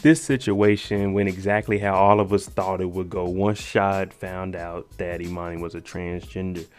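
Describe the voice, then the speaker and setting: A man's voice: sits low, level tone, moderate pace, darkish tone, smooth, soft background music. A man giving a casual, joking recap of a TV episode, talking slangy and aside to the viewer. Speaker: TV recap host.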